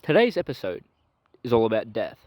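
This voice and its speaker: A man voicing a male peanut butter podcast host who rambles in a halting, filler-heavy way in a comedy sketch. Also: mid-range voice, very animated, no room sound, highs cut off, close to an everyday voice.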